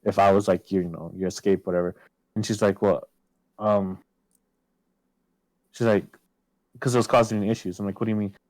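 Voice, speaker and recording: A man with a lowish voice tells a long personal story in relaxed podcast chat. He swears freely and jumps up in pitch when he quotes himself. The recording is close and dry, with no room sound. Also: a little fast, long pauses, no room sound, low-quality recording.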